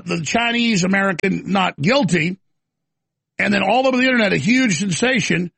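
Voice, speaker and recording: A heated male talk host ranting live, rambling and tripping over restarts. His voice sits fairly high for a man, gravelly and husky, recorded dry and close. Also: fairly bright tone, no echo. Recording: live studio broadcast.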